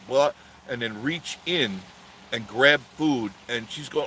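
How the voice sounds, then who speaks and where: A man's voice: mid-range voice, a little slow, bright, forceful tone, slight background noise. A man hosting a casual vlog, telling a story in a rambling way with many restarts and self-corrections. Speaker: channel host.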